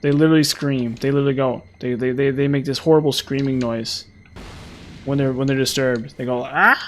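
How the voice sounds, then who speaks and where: A man's voice: mid-range voice, little pitch movement, fairly quick, darkish tone, slight background noise. A man chatting casually while playing a video game, rambling with lots of fillers and restarts. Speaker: gaming streamer.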